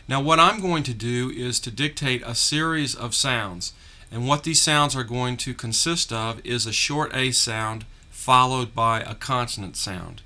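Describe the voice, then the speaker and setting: Man, phonics teacher, very slow pace, bright clear tone, careful articulation. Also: medium pitch. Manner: drawn-out, carefully articulated sound drills. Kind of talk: slow, deliberate phonics lesson.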